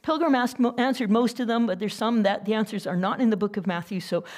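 A woman missionary telling a story to her church in a lively, conversational way. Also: medium pitch, quick pace.

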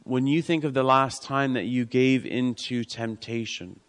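A man delivers a sermon in an earnest, pastoral way, repeating his key lines for weight. His voice sits at an ordinary middle pitch and often sinks to a soft, intimate hush. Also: fairly even intonation, measured pace, smooth. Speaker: preacher.

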